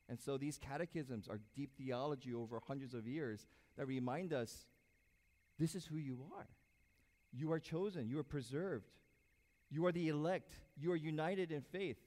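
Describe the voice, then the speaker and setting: Animated preaching man in a reverberant hall. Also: fairly high pitch. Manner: animated preaching, swings loud and soft, acts out quotes. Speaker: pastor. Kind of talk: sermon. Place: church sanctuary.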